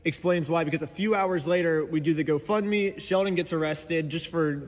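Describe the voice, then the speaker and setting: Man, sarcastic video narrator, mocking, fairly high pitch, echoey room, faint hiss. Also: normal speed. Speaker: YouTuber narrating his own documentary.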